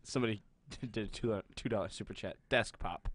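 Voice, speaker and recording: A man working as producer on a live stream, talking quickly and defensively and reading out viewer comments. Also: fairly low pitch, a little hiss or hum. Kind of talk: casual live-stream chat.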